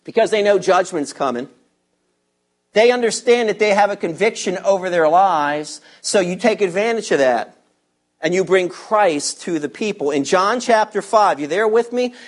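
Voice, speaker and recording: A man's voice: sits high, animated, normal speed. A man preaching a sermon, teaching verse by verse and asking his listeners rhetorical questions with strong emphasis. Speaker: pastor.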